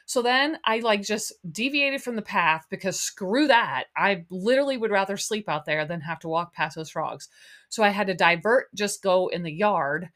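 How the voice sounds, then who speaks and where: A woman's voice: medium pitch, moderate pace, a bit bright. A woman hosting a podcast, a little out of breath, telling a rambling story with disgust. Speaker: podcast host.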